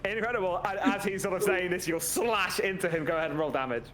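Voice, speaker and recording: A man narrating a tabletop game as game master in an animated, playful way. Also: high voice, fast.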